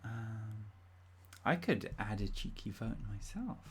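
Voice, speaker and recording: A woman's voice: a bass voice, expressive, takes it slowly, a little mellow, husky. A woman running an interactive role-play stream as game master, chatty and giggly with many ums.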